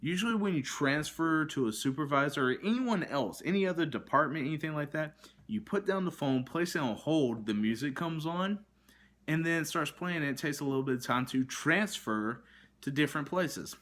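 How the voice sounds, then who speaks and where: A man's voice: a little high, expressive, moderate pace, a bit bright. A man vlogging from his kitchen, telling a frustrated story full of fillers and restarts. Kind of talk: ranting to camera. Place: kitchen at home, indoors.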